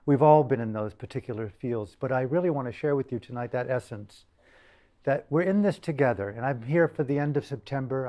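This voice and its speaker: An older man giving a dharma talk to a group, emphatic and deliberate, repeating phrases for stress. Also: mid-range voice, a little mellow. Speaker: dharma teacher.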